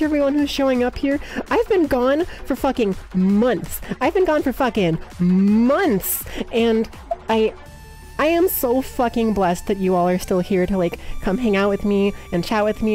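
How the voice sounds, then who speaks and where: A woman streamer greeting her chat in a live stream, excitable and squealing, swearing freely over faint background music. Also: fairly high pitch, moderate pace.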